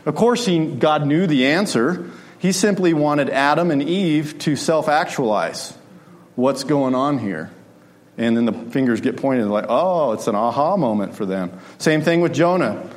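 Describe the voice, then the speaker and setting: A man's voice: on the high side, expressive, a little slow. A man preaching a sermon in a conversational way, often asking his listeners rhetorical questions.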